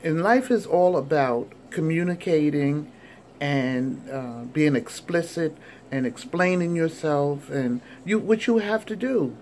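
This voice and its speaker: A woman in her sixties telling a personal story in a chatty, animated vlog, with many fillers. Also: low-pitched, slow pace, a little hiss or hum. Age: 60s. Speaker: vlogger.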